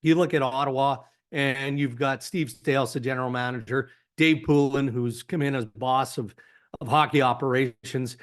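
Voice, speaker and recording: A man with a Canadian accent, a hockey insider guest on a podcast, speaking in a measured, analytical way with frequent "you know" fillers. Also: medium pitch, fairly even intonation. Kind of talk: podcast interview.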